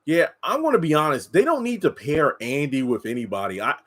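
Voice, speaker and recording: A man giving casual commentary on a TV episode, answering chat comments and mocking characters in high put-on voices. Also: sing-song, a little fast, a bit bright, rough recording. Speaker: TV show reviewer.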